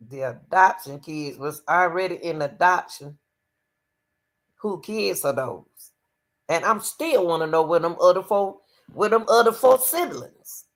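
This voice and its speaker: A woman livestreaming reaction commentary on a court case, speaking emphatically to her viewers and often calling on the Lord. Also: on the low side. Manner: emphatic, exclaims to the Lord, talks to viewers as y'all.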